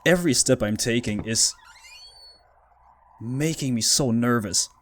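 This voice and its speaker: Scared man slowly playing horror game. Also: mid-range voice. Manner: frightened, pleading, talks to the game. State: scared, shaky. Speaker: gaming YouTuber. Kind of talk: horror game let's play commentary.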